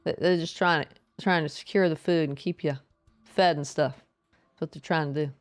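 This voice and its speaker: A woman streaming a game live, chatting casually and playfully with her viewers and greeting them in a high sing-song voice. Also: fairly even intonation, moderate pace, faint music behind. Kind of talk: casual live-stream chat while gaming.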